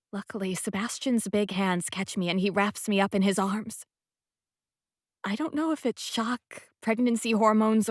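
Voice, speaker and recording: A woman reads a first-person romance in a soft, intimate voice that often sinks to a near whisper. Her pitch is in the middle of a woman's range, and the close studio sound is dry with no room echo. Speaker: audiobook narrator.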